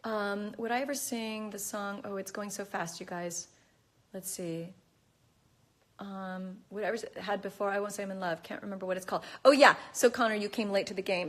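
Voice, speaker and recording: A woman chatting casually into her phone, reading out and answering fan questions in a bubbly way. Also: medium pitch. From United States. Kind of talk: casual chat.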